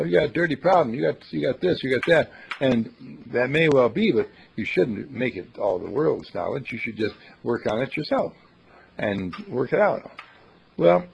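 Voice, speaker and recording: A man's voice: mid-range voice, vocal fry, slight background noise. A man, a university dean, telling a folksy, dramatic story as a thought for the day, on a dull lo-fi recording. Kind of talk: storytelling talk.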